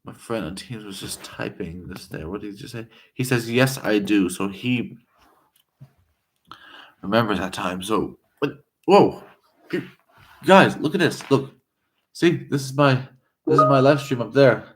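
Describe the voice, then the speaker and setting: A man from the United States chatting casually to viewers on a live stream, rambling and excitable. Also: lowish voice, unhurried.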